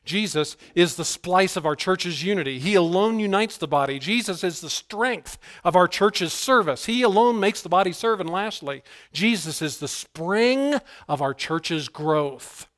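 Male pastor, sermon delivery, slightly high voice, emphatic build-ups. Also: lively intonation, measured pace, few pauses. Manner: emphatic preaching, swings between hushed asides and raised, higher-pitched declarations.

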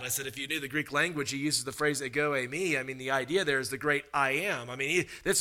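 A man preaching a sermon, swinging from emphatic raised passages to low, confiding asides. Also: quick pace, few pauses. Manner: animated, rising to emphatic bursts, then dropping low and confiding.

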